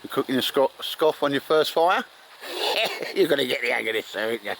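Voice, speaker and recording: A man's voice: mid-range voice, expressive, fairly quick, creaky, fairly bright tone. A man hosting a bushcraft vlog in the woods, chatting casually and encouraging others, calling everyone mate and sir. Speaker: bushcraft vlogger and host. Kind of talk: casual outdoor chat. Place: in the woods outdoors. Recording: outdoor recording with background noise.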